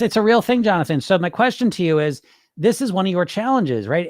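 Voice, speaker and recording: A middle-aged man coaches dieters on his podcast in a blunt, profane, casual way, his voice sitting fairly high and swinging widely in pitch. He often slips into a panicky imitation of a dieter before snapping back to plain talk. The sound is dry and close. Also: no echo. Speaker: podcast host and weight loss coach.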